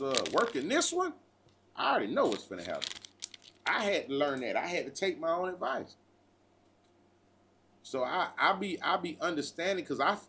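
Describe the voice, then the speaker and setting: Animated, high-pitched man preaching street talk. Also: a little hiss or hum. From United States. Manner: profane, preachy street talk with repeated "bruh". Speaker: livestream host. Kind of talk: casual livestream monologue.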